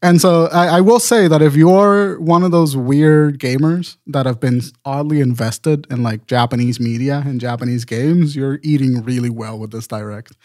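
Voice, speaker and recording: A man's voice: medium pitch, moderate pace, few pauses, darkish tone, no room sound, clean studio sound. A man co-hosting a casual podcast, swearing freely and laughing a lot. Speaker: podcast producer and co-host.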